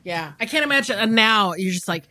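A woman's voice: mid-range voice, lively intonation, fairly quick, sharp tone, no room sound. A woman co-hosting a podcast about films, chatting casually with enthusiastic reactions and the odd swear. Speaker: podcast co-host. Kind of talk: casual film discussion.

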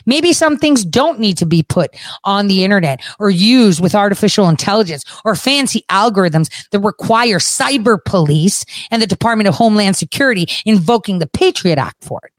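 A woman's voice: medium pitch, lively intonation, fairly quick, no echo. A woman giving political commentary. She reads out an interview and argues back at it in an emphatic, combative way, speaking straight to her audience. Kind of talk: reading an interview aloud and commenting on it.

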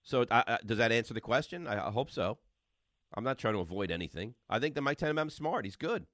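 A bright, forceful man hosts call-in sports radio. His pitch swings widely as he argues, and the studio sound is dry and close. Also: fast, dry recording. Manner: animated, loud and combative with callers.

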